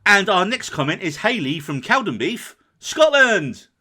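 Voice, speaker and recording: A man's voice: high-pitched, unhurried, slightly rough. A man from England co-hosting a podcast, chatting casually and joking while reading out listener comments. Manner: lively, jokey, reads listener comments. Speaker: podcast co-host. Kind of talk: casual chat.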